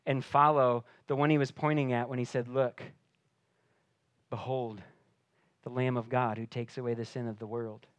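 A man preaching a sermon, swinging between hushed, intimate passages and loud, emphatic declarations. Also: mid-range voice, no room sound. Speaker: pastor.

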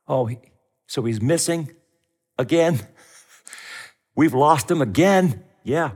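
A man's voice: fairly high pitch, animated, slow pace, long pauses, darkish tone, breathy edge. A middle-aged man preaching a sermon as pastor, telling the story with animation and acting out the voices in it.

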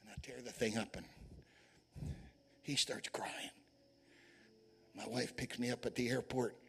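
A man's voice: medium pitch, flat delivery, measured pace, vocal fry, breathy edge. A man preaching a sermon, telling folksy personal stories and urging his listeners on with fervent exhortation. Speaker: evangelist preacher. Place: church men's conference.

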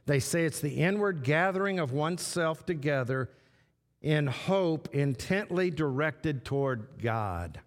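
A man preaching a sermon as pastor, slow and repetitive, stressing short phrases again and again. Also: a little high, animated. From Texas. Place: church sanctuary. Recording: long church hall reverb.

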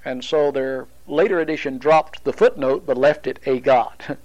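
A man teaching a Bible study, explaining at a deliberate pace with pauses and restarts. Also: medium pitch, a little mellow, muffled recording.

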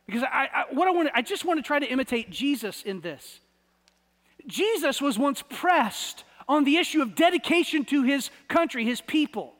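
High-pitched american pastor guy giving a sermon, chatty, stumbles and repeats words, lots of hall echo. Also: a bit bright. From United States. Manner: conversational, repeats words while searching for phrasing.

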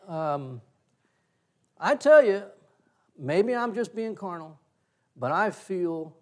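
A middle-aged male pastor preaching a sermon, telling a story with animated swings and sudden loud bursts. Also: fairly high pitch.

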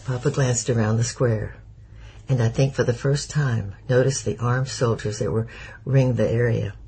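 A man narrates a historical novel in a measured storytelling manner. His voice is gravelly and husky. The tone is dark and mellow. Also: mid-range voice, fairly even intonation, low-quality recording. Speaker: audiobook narrator. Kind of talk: scripted narration.

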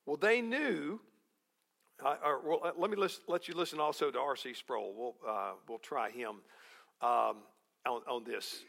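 A man preaching a sermon as pastor, slow and deliberate, posing rhetorical questions to the congregation. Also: mid-range voice, gravelly, fairly bright tone.

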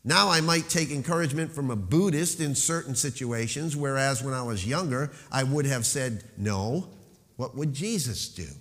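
A man preaching a sermon as pastor, emphatic, slowing to stress key phrases and dropping into rhetorical questions. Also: mid-range voice, expressive, fairly bright tone, big-room sound.

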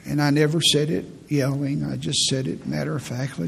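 A man in his fifties with a raspy voice, preaching a folksy, humorous sermon as a pastor. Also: a little high, steady tone, fairly quick, few pauses, in a large hall, slight background noise. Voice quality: raspy, gravelly. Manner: storytelling, humorous, laughs at own stories.

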